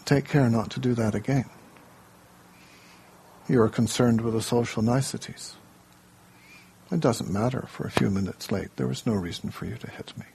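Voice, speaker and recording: A man speaking as a calm, stern wife. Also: mid-range voice, moderate pace, creaky, long pauses, husky. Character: calm wise wife warning her husband, woman.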